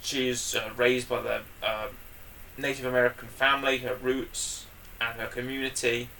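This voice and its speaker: A man chats casually as a podcast co-host, rambling and enthusiastic, jumping into loud bursts when something excites him. His voice has a bright edge. He sits a little back from the mic. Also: mid-range voice, normal speed, creaky, recorded from a distance, a little hiss or hum. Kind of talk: casual chat.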